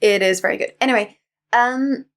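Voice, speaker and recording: A woman co-hosting a podcast, talking in a chatty, animated way with many fillers. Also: on the high side, moderate pace. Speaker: podcast co-host. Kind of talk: casual chat.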